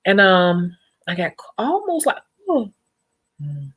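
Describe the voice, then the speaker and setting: A woman's voice: lowish voice, big pitch swings, a little slow, a bit bright, breathy edge. A young woman who works as a nail technician, chatting casually and animatedly with her viewers and laughing often. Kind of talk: casual vlog chat with viewers.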